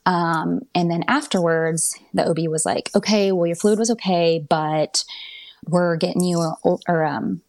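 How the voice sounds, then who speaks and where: A woman's voice: lowish voice, unhurried. A young woman telling a personal story in a chatty way, full of fillers, acting out what others said. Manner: chatty, many fillers, quotes others in lively voices. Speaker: podcast guest. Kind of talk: telling her birth story.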